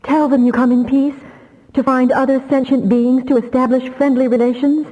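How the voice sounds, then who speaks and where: A woman's voice: mid-range voice, animated, normal speed, big-room sound, highs cut off, pitched above the performer's own voice, natural voice. A woman voicing a passionate, defiant young telepath who pleads and cries out. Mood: pleading. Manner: pleading, strained, near shrieking.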